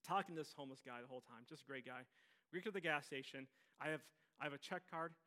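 A pastor from Minnesota preaching in a conversational, animated way with self-mocking humor. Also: male voice, on the high side, fast. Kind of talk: sermon storytelling.

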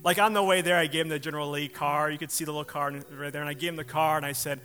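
A male pastor delivers a sermon in a church service, telling a story with lively energy and acting out what people said. His voice sits a bit high and rings bright and forceful. Faint music plays underneath. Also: racing, few pauses, clear, resonant tone. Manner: animated storytelling, laughing, acting out quotes.

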